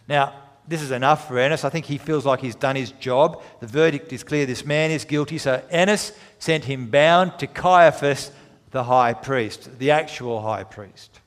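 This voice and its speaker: Preaching man in an echoing hall. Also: mid-range voice. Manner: dramatic retelling with emphatic pauses. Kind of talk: sermon. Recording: long hall reverb.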